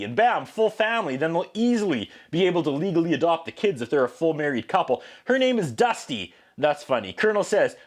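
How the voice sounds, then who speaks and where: A man in his thirties hosting a comedic movie review, sarcastic and animated, acting out the characters' lines as he recaps. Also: on the high side, quick pace, hardly any pauses. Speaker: host of a movie review show.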